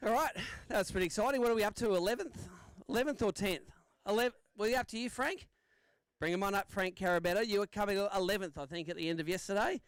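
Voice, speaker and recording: A man's voice: high voice, quick pace, no echo. A man emceeing a live fishing tournament weigh-in outdoors, bantering with the anglers. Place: outdoor lakeside weigh-in stage.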